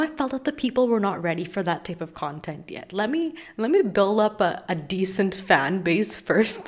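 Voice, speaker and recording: Low, gravelly woman chatting to listeners. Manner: chatty, with small laughs and fillers. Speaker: podcast host. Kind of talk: casual aside to listeners.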